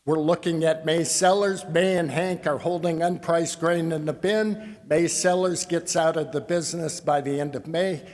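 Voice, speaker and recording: This grain-marketing talk comes from a man with a fairly high, slightly mellow voice, delivered folksy and wry to listeners he calls "people." It's a conference presentation in a convention hall, recorded with a large hall's long reverb.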